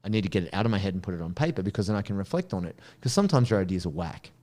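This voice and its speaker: A man, a podcast guest and coach, telling stories in animated casual chat and laughing easily. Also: low-pitched. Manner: animated storyteller, quick to laugh. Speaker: guest, strength and martial arts coach.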